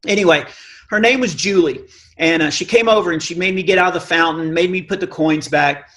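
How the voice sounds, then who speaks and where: A middle-aged man with a naturally high voice telling a self-mocking comic story on stage, acting out the dialogue. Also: brisk, a bit bright. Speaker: Christian comedian. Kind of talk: stand-up storytelling. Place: live event stage.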